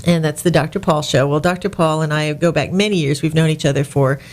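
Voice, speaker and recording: Sarcastic woman radio host, low voice. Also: fairly even intonation, a little fast, a little mellow. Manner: indignant, sarcastic, with many restarts. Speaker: radio talk show host. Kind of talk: opinionated radio talk.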